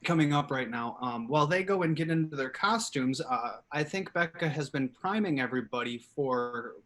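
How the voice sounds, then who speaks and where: A man hosting a live improv comedy show from home over a video call, upbeat and animated. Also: medium pitch, moderate pace. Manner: animated, upbeat, hedging fillers. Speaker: host.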